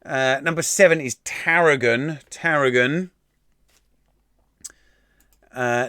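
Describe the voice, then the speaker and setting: A man's voice: a little high, slow, long pauses, bright, forceful tone, no room sound, clean studio sound. A young man hosting a quiz live stream from home into a desk microphone, reading out the answers in a chatty, irreverent way with casual swearing, many fillers and restarts. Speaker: quiz host. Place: at home, room near a kitchen.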